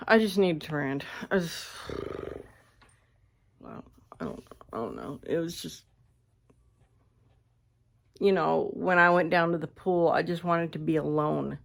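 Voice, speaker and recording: A woman ranting casually to her viewers, blunt and animated, swearing freely, recorded on a phone indoors at a friend's house. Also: fairly low pitch, gravelly. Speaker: vlogger.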